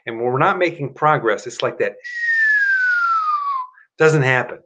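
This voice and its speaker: A man talks into his computer mic while hosting a live stream. He rambles in a chatty way and often stops to correct himself. At times he slips into an upbeat motivational pitch. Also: animated, measured pace, sharp tone. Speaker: host of a live stream show. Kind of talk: casual live-stream talk and self-help pitch.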